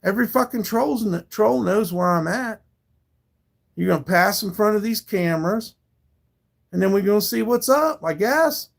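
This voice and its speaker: A man's voice: high voice, expressive, fairly quick, creaky. A man live streaming, talking back to his viewers in a confrontational, profane rant.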